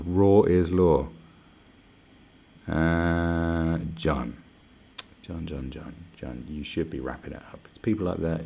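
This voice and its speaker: A man's voice: sits low, darkish tone, slight background noise. A man hosting a livestream, ranting sarcastically with lots of swearing. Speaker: livestream host. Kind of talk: livestream rant.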